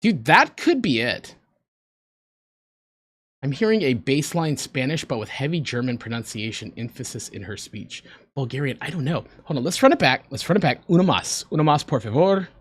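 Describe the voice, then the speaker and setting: Animated streamer chatting with his viewers. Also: medium pitch, moderate pace, husky, no echo. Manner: rambling, self-deprecating, joking with chat. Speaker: livestreamer. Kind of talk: casual reaction stream chat.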